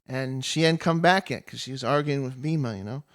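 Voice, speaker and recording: A man in a middle pitch retells an old epic in a loose, conversational way. He chuckles often and leans on small fillers as he goes, relaxed rather than performed. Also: a little fast. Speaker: storyteller. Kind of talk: casual spoken retelling of an epic.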